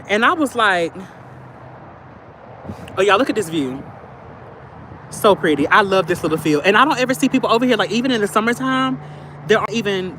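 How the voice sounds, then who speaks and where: A trans woman who lives in her car, chatting in slangy storytelling on a phone livestream while she walks outdoors in a field near a highway. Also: low-quality recording. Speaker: vlogger living in a car. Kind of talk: casual livestream chat. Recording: loud outdoor traffic noise. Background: highway traffic.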